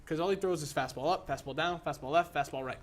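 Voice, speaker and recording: A young man co-hosting a casual sports debate, excitable and joking, often talking over his partner. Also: on the high side, fast. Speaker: co-host.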